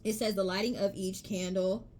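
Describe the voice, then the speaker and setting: A woman's voice: medium pitch, steady tone, moderate pace, a little mellow. A woman giving a spoken tarot reading, earnest and encouraging, often checking in with the listener as she reads out card messages. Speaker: tarot reader.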